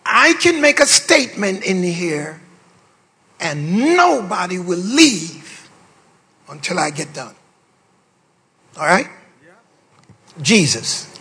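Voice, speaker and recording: An older man, a bishop, preaching a sermon to pastors with playful, boastful asides, drawling low and then bursting into shouts. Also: creaky, slightly rough. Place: large hall. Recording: long reverb of a large hall.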